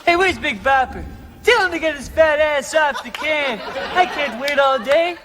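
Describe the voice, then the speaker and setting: A cruel, boastful young rock star barks insults in a strained, very high voice. He swaggers and shouts his way through a sketch comedy scene. Audience laughter and background noise sit behind him. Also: animated, moderate pace, a crowd in the background. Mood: bullying.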